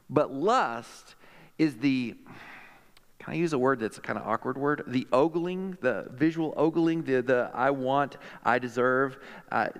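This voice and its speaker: A man preaching a sermon to a congregation, animated and jokey, with quick asides to the crowd. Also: mid-range voice, in a large hall. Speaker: pastor.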